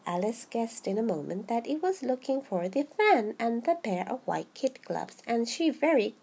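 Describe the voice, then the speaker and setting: Woman host reading storybooks aloud, husky and animated. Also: on the high side. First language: Japanese. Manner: halting, with restarts and Japanese asides. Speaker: host, reader.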